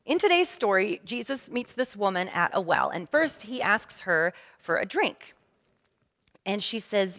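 A woman pastor preaching a sermon in a lively, conversational storytelling manner. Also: mid-range voice, measured pace. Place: church sanctuary. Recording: long reverb of a church hall.

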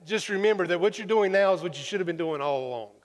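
A man voicing his elderly grandmother, gentle but blunt, in a soft, matter-of-fact way, with long hall reverb. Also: high voice, animated, fast. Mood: dry.

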